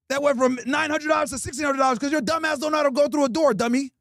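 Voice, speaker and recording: A man's voice: very high-pitched, steady tone, very fast, few pauses, a bit bright, no echo, clean studio sound. A male host doing an improvised comedy roast, crude and mocking, hurling insults.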